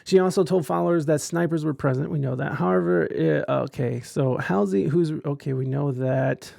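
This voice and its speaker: A man's voice: a little high, normal speed, vocal fry, dark tone, no echo. A man hosting a podcast, rambling through casual commentary with stumbling restarts and crude jokes. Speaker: podcast host reading chat.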